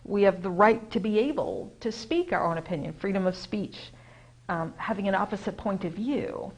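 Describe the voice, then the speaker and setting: An American woman musing in a casual, rambling talk, with lots of fillers and self-corrections, who gets animated when she makes a point. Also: mid-range voice, moderate pace, husky, rough recording. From United States. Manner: acts out quoted voices, gets animated when emphasizing. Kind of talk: casual spoken reflection.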